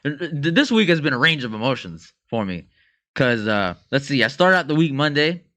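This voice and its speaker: A man's voice: medium pitch, big pitch swings, normal speed, pushed and bright. A man co-hosting a podcast, telling a story casually with slang and frequent laughter. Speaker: podcast co-host.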